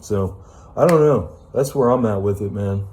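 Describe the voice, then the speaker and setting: A man's voice: fairly low pitch, moderate pace, darkish tone. A man giving an unscripted self-help monologue, ranting with emphatic profanity and casual fillers like "man" and "you know.".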